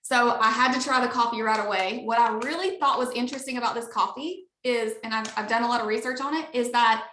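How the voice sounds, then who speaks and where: Bubbly Alabama woman pitching over a call. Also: fast talker, few pauses, sharp tone, reverberant, a little hiss or hum. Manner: upbeat, gushing, chatty. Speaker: network marketing leader. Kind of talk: enthusiastic sales pitch on a video call.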